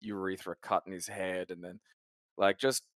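A man's voice: sits low, flat delivery, normal speed, fairly bright tone, no room sound, studio quality. A young man co-hosting a casual podcast chat, rambling and swearing often as he trails off mid-sentence. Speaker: podcast co-host.

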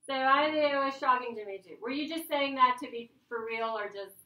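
A woman's voice: high voice, brisk, pushed and bright. A woman teacher giving a playful, chatty grammar lesson to her class. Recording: echoey classroom from a distance.

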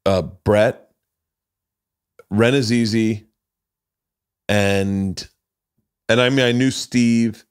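A man in his forties with a lowish voice tells stories in a loose, rambling way. He swears freely and slips into little acted-out quotes. The sound is dry and close to the mic. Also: fairly even intonation, very slow, pauses often, clear, resonant tone, no room sound. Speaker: podcast host. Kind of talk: casual chat.

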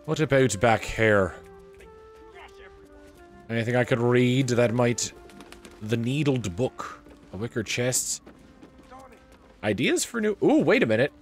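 A man's voice: medium pitch, expressive, slow, long pauses, soft background music. A man giving wry live commentary while playing a video game and reading in-game text aloud. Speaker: game streamer.

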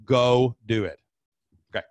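A man hosting a sales webinar, fired up and preachy, repeating slogans and letting out loud whoops. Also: medium pitch, measured pace, dry recording. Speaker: webinar host. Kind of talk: energetic sales webinar talk. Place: home studio under lights.

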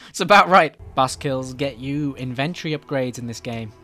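A man giving joking, excitable commentary while playing a game, often shouting at enemies. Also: medium pitch, moderate pace. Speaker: gaming YouTuber. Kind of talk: comedic let's-play commentary.

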